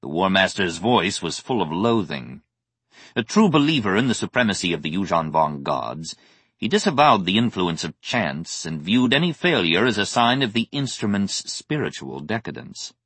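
A man reading a science fiction audiobook as narrator, in an expressive, measured way. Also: deep voice, breathy edge, no echo. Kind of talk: scripted narration.

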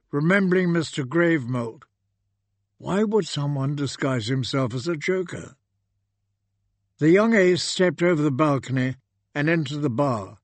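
A male audiobook narrator reading slowly and deliberately, his voice a little higher than most men's. The sound is close and dry, with no room around it. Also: no room sound. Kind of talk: scripted narration.

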